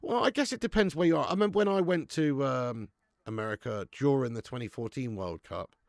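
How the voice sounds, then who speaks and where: Male streamer, gravelly and dry-sounding; laddish live chat host who reads out viewers' names. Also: mid-range voice, lively intonation, fairly quick, dry recording. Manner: chatty and laddish, reading out viewer names, laughs often. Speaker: watch-along host.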